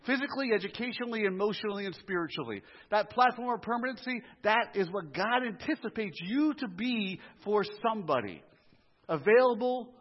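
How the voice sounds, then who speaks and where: Animated male pastor preaching in a hall. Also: high voice, slightly rough. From US inner city. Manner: animated, conversational preaching with asides and humor. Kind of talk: sermon. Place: church sanctuary. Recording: muffled live church audio, long reverb.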